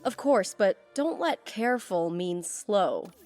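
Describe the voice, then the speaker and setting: A brisk corporate manager. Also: female voice, medium pitch, animated, a little mellow, soft background music. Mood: businesslike. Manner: crisp and businesslike. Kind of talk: video game voice acting.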